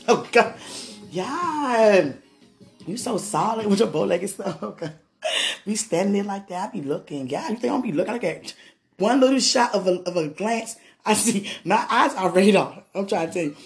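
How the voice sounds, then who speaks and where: A woman's voice: mid-range voice, lively intonation, brisk, gravelly, soft background music. A woman talking straight to someone she loves in a rambling, affectionate monologue, often checking with "you understand?". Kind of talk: emotional monologue to a loved one. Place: sitting on a bed indoors.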